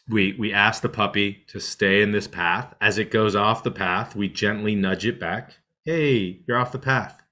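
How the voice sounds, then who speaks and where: A man with a fairly low but bright, forceful voice explains meditation to listeners. He talks in an animated way, jumping up in pitch to act out the thoughts running through someone's head, and keeps checking in with a quick "right?". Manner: animated, acts out inner voices with rising pitch; repeats "right?" often. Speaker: meditation teacher.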